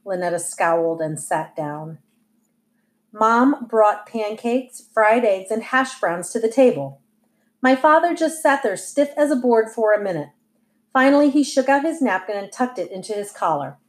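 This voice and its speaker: A woman narrates a novel for an audiobook with a lively, wry storytelling manner. Her voice sits at a middle pitch. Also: unhurried. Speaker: audiobook reader.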